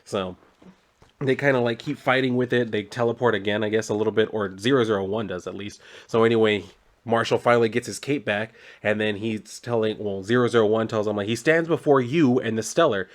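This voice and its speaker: A man's voice: fairly low pitch, fairly even intonation, a little fast. A man reviewing a comic book, retelling the plot in a loose, profane, casual way full of "like".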